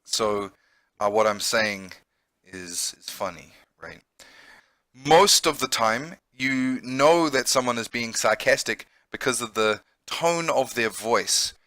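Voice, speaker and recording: A man's voice: mid-range voice, expressive, slow, sharp tone, no echo. A man who works as an English teacher, giving a vocabulary lesson and explaining patiently, often checking in with "okay?".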